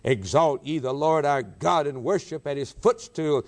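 A man preaching a sermon, swinging from raised declarations to hushed, drawn-out lines. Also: on the high side. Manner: dramatic preaching with sudden swings from loud to hushed.

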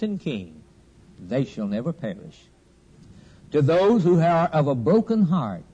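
Male preacher, slightly raised pitch, husky tone, cadenced sermon delivery with repeated refrains, dull lo-fi recording. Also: warm tone.

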